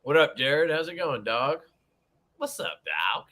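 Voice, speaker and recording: Young adult male livestream host, bright lively delivery, swears a lot, chatty with viewers. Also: mid-range voice, slow. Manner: profane, joking, greets chat viewers. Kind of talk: casual livestream chat.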